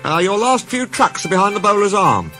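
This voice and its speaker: A man's voice: sits high, big pitch swings, fairly quick, bright, forceful tone, faint music behind, pitched above the performer's own voice, full character voice. A man voicing a polite young cricket fielder asking a favour.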